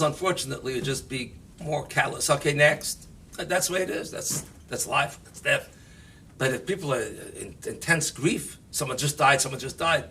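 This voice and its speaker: Animated emphatic rabbi, distant mic. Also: male voice, a little high, slight background noise. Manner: animated, emphatic, mixing Yiddish and Hebrew terms. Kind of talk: Torah talk on the weekly portion.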